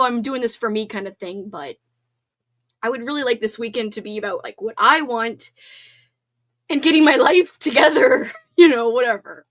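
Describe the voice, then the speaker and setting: A woman's voice: fairly high pitch, a bit bright. A woman in her thirties hosting a casual livestream hangout, chatting and reading viewer comments aloud. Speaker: host.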